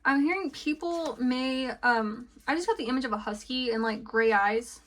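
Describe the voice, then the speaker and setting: A woman's voice: high-pitched, normal speed, fairly bright tone. A woman giving a casual tarot reading, chatty and giggly, full of fillers and friendly asides. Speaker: tarot card reader.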